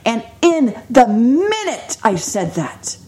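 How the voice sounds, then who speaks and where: A middle-aged woman giving an earnest, emotional personal testimony in a sermon, dropping to hushed tones at times. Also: on the high side, very animated, slow. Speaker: speaker sharing a faith testimony.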